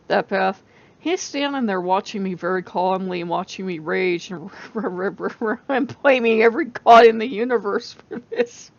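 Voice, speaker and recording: A woman hosting her own vlog, telling a story in a casual, animated way and laughing often. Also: medium pitch, muffled recording. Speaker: channel host.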